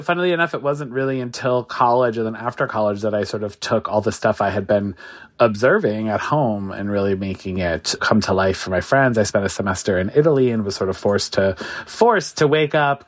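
A chatty man in his thirties talks through a relaxed interview, peppering his stories with "like" and "sort of." His voice sits in an ordinary middle register. He mocks himself and laughs easily as he goes. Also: mid-range voice, fairly quick. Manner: chatty and self-mocking, many "like" and "sort of" fillers, laughs often. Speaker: guest, food creator and cookbook author. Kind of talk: casual podcast interview.

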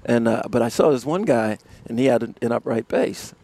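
A gravelly-voiced man tells animated stories in a casual radio interview and laughs often. He sits at a live broadcast mic out of doors. His pitch sits mid-range. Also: a little fast. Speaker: musician guest. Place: outdoors in front of a music studio complex.

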